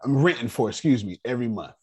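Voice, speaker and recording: This man teaches a casual personal finance class on a video call, fast and breathy-edged in a mid-range voice. Slangy and animated, he speaks directly to his group.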